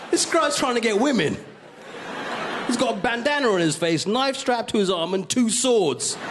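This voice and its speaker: A male stand-up comedian, hosting a comedy show with quick, cheeky punchlines before a live audience. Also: high-pitched, very animated, background noise. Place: studio comedy stage with audience. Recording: live stage with loud crowd.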